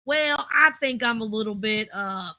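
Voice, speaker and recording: A cheery, drawling Southern man with a gravelly edge, as a woman puts him on. His voice is bright and sharp, and he talks in loose, folksy asides. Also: a little high, normal speed, no echo, studio quality. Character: folksy Southern male alter ego, cheerful.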